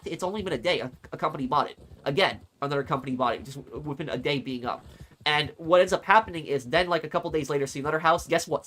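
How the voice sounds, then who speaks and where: A man's voice: fairly high pitch, pushed and bright. A man streamer telling a long story in casual chat, rambling and repeating words as he goes. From United States.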